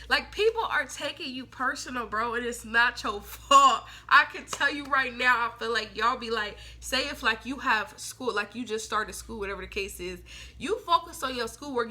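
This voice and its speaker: A woman's voice: a little high, pushed and bright. A young woman doing a casual tarot reading, chatty and blunt, full of slang and swearing, and she acts out the people she quotes. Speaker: tarot reader.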